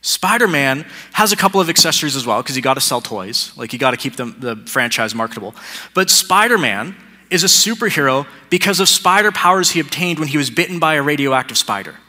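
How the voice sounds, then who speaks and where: A man's voice: mid-range voice, brisk, sharp tone. A man giving a sermon as pastor. He builds points through repetition and slips into casual, joking asides. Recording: long hall reverb.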